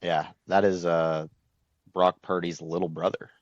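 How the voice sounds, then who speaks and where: A man co-hosting a sports podcast, giving a betting preview in a measured, steady way. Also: sits low, no echo. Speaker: podcast co-host. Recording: slightly dull lo-fi mic.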